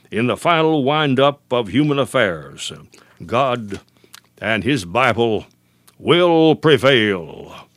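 A man's voice: mid-range voice, fairly bright tone, no echo. Emphatic male radio preacher. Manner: emphatic preaching cadence, slows and repeats key phrases. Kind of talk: broadcast sermon.

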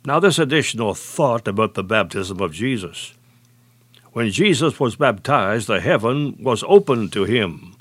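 A man preaching a sermon, measured and deliberate, slowing and dropping low on key phrases. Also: animated, slightly rough, no echo.

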